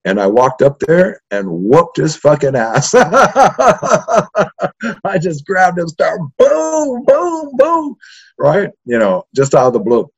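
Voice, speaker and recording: A man's voice: a little high, slow, breathy edge. An older man, a history professor, telling profane stories from his youth in a casual interview, with constant "right?" tags. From East Los Angeles. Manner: profane, animated, keeps adding "right?". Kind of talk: casual storytelling. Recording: dull lo-fi sound.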